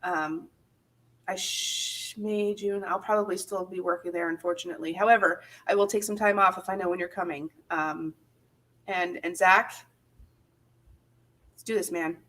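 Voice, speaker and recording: A woman's voice: fairly low pitch, steady tone, normal speed, long pauses, fairly bright tone. A woman hosting a casual live-stream chat, chatty and laughing often, with many fillers. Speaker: channel host.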